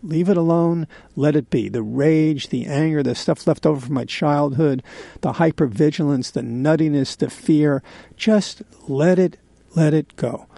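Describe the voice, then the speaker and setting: A man in his sixties hosting a radio show, telling a candid personal story in a halting way with many pauses and fillers. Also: fairly high pitch, gravelly, mellow, no room sound. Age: 60s. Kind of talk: confessional radio monologue.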